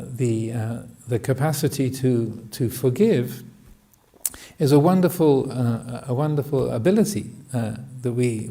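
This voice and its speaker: A man giving a Buddhist dharma talk, hesitant and full of restarts, often laughing gently. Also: mid-range voice. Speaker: Buddhist monk teaching.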